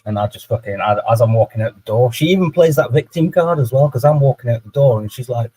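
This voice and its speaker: A man's voice: mid-range voice, expressive, quick pace, warm tone, breathy edge, no echo, low-quality recording. A young man telling a personal story in a candid, sweary casual chat. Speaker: livestream guest.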